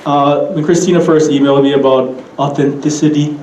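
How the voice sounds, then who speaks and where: A man with a Hawaiian Pidgin accent giving a keynote talk in a relaxed storytelling manner, with asides to the audience. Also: fairly high pitch, fairly quick, echoey room, a little hiss or hum, rough recording. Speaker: keynote speaker.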